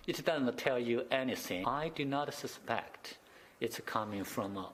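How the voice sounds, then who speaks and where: A man interviewed in a news clip, speaking in flat, measured statements. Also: mid-range voice. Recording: played news clip, faint noise.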